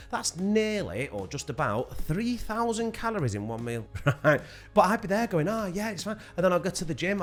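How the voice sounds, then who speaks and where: A man chats straight to camera in a lively, swinging voice, tossing in swear words and quick laughs. A faint bed of music sits underneath him. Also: mid-range voice. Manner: animated, swearing, laughing often. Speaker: weight loss vlogger. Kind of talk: casual chat to camera.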